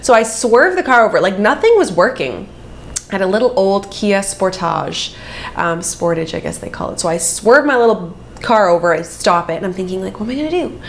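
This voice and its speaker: A woman in her thirties tells a story straight to camera in a relaxed, chatty way. She is animated and expressive, and her voice leaps up in pitch whenever she plays out what people said. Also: a little fast. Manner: animated, chatty, acts out quotes with big pitch jumps. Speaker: vlogger. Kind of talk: casual storytime chat.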